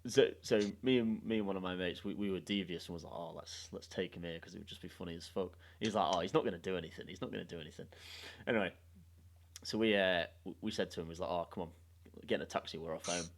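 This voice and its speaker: A young man hosting a podcast, telling a story in a sweary, animated way and laughing along. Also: low voice, fast talker. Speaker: podcast host. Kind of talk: casual storytelling chat.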